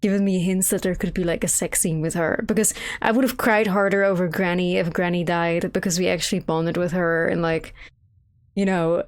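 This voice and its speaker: A woman's voice: lowish voice, fairly even intonation, a little fast. A young woman giving casual, profane commentary while playing a video game, rambling and incredulous. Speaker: game streamer.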